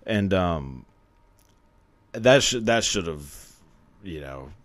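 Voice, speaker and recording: Very slowly and with a deep, expressive voice, a man on his podcast rambles through a confessional story, cursing freely and frequently breaking into laughter.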